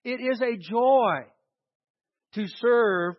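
A male pastor delivering a sermon, swinging between loud emphasis and quiet asides, and leading the congregation in call and response. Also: very high voice, extremely slow, no echo, muffled recording. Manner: dynamic preaching with big swings in loudness and emphasis. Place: church hall with a congregation.

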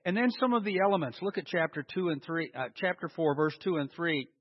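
This sermon comes from a man with a fairly high pitch and lively intonation who speaks briskly. Emphatic throughout, he hits individual words hard and answers his own rhetorical questions. The recording is lo-fi and dull, with a hall's echo.

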